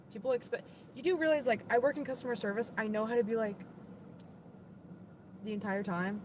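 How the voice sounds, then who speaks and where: A woman's voice: fairly low pitch, noisy background. A young woman from the southern United States, chatting casually on a live stream in a blunt, defensive way and saying "like" often. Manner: blunt, defensive, says "like" a lot. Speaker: livestreamer.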